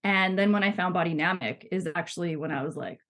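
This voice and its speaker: Woman in her thirties, podcast guest, lowish voice, chatty and laughs easily, lots of fillers. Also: fast, a bit bright. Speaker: guest, body psychotherapy student. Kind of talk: casual podcast conversation.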